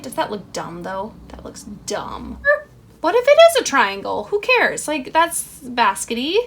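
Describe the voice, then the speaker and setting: A woman's voice: high-pitched, pushed and bright, a little hiss or hum. A young woman talking to herself as she crochets a toy, chatty and self-deprecating, laughing at her own mistakes. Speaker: crochet vlogger. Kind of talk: casual self-talk while crafting.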